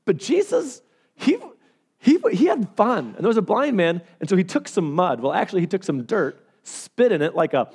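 Preaching as a pastor, a man tells stories at a normal speed, his animated delivery shifting from loud to hushed. His voice sits high and sounds slightly rough.

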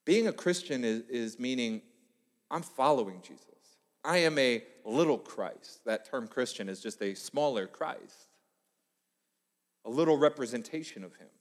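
Animated preacher man in a reverberant hall. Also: medium pitch. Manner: animated storytelling, acting out quoted voices. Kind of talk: sermon.

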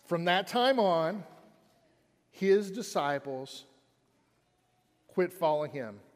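High-voiced pastor preaching in an echoing hall. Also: male voice, animated, slow pace. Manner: conversational preaching, repeats lines for emphasis. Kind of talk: sermon. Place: auditorium.

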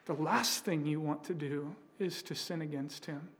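A pastor preaching a sermon, telling a story with frequent fillers and restarts. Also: male voice, fairly high pitch, moderate pace, hardly any pauses, a bit bright.

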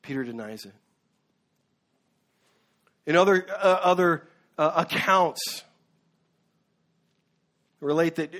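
A man's voice: fairly high pitch, lively intonation, slow, long pauses, fairly bright tone. A man preaching a sermon as a pastor, earnest, with occasional fillers and restarts. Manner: earnest, with fillers and self-corrections.

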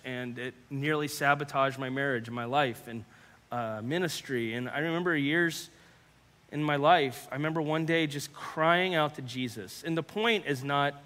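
A male pastor giving an earnest personal testimony sermon, halting and repeating words, sometimes dropping to hushed tones. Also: a little high. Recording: long hall reverb.

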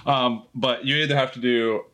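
Joking man from Arkansas, bright voice. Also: mid-range voice, steady tone, normal speed. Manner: joking, chimes in with asides. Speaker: podcast co-host. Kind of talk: casual chat.

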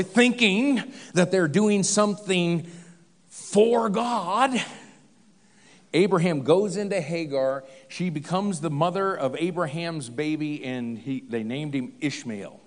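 A man's voice: a little high, measured pace, big-room sound. A man preaching a sermon, retelling a story with humor in a conversational way. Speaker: pastor.

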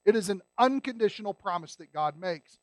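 Male pastor, very high pitch, emphatic sermon delivery with rhetorical questions. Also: lively intonation, brisk, no echo.

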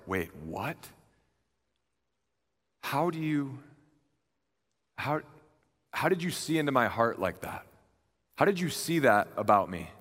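A man's voice: a little high, animated, moderate pace, fairly bright tone, pitched above the performer's own voice. A man acting out an awestruck, humbled skeptic while preaching in a large hall. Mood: awed.

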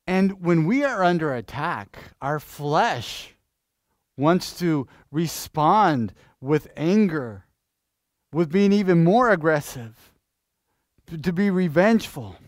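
A pastor preaching in church, lively and questioning, restarting phrases and asking the congregation things. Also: male voice, a little high, slow, dry recording, clean studio sound. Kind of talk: sermon.

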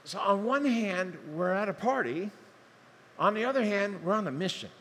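Older male pastor, high-ish voice, chatty and humorous storyteller, preaching in an echoing hall. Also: moderate pace, slight background noise. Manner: animated, conversational, acts out dialogue with humor. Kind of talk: sermon storytelling. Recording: long hall reverb, faint ambience.

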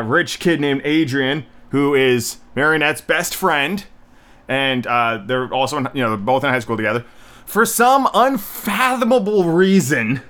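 A man's voice: fairly high pitch, sharp tone. A young man hosting a casual solo podcast, reviewing movies in a blunt, rambling way with lots of fillers, a little out of breath. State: slightly out of breath.

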